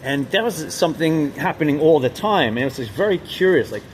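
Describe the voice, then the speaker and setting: Rambling, emphatic man with a higher voice. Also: expressive, slight background noise. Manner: rambling, halting delivery with frequent restarts and fillers; intense, emphatic. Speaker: vlogger. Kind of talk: unscripted monologue.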